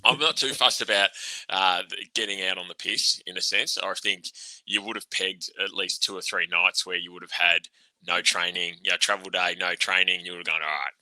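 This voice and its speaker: A low-pitched Australian man with a very bright, forward tone rants bluntly through casual sports chat. He swears freely and breaks into laughter. The sound is dry and close. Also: fairly even intonation, fairly quick, no room sound, rough recording. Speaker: podcast co-host, ex-cricketer.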